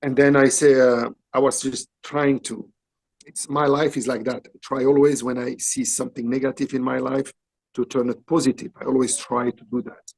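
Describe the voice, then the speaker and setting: A man in his sixties from Belgium, speaking English with a French accent, animatedly telling a story in halting English and acting out what people said. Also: mid-range voice, little pitch movement, vocal fry, a little mellow. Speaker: interview guest, actor. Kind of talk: storytelling interview.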